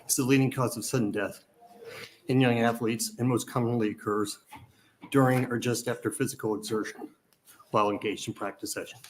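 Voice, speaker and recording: A man testifies before a committee from prepared remarks. He is out of breath and stops now and then to clear his throat. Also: mid-range voice, a little hiss or hum, low-quality recording. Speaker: advocacy testifier. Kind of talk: formal legislative testimony. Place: legislative hearing room.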